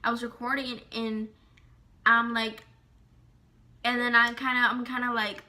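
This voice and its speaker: Bright-voiced young woman, animated storyteller. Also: on the high side, unhurried. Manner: animated, slangy, heavy on "like" and swearing. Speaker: vlogger telling a story. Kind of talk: casual storytime.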